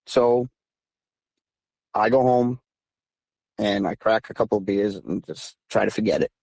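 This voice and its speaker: A man in his thirties from southeastern Massachusetts calls into a casual storytelling interview to recount encounters, animated and emphatic, his voice climbing higher when he gets heated. He talks a little slowly, with a creaky, husky voice, in a dry recording.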